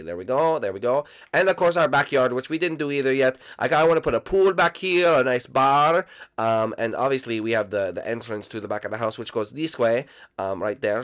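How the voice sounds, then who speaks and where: A man's voice: fairly low pitch, a bit bright, natural voice. A man doing a chatty cartoon plumber. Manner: casual, rambling, with fillers. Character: cheerful male cartoon plumber giving a house tour. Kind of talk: Minecraft fan role-play video.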